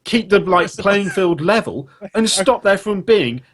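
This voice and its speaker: Husky-voiced man ranting on a podcast. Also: high-pitched, lively intonation, a little slow. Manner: ranting, incredulous, sweary. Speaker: podcast host. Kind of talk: casual panel chat.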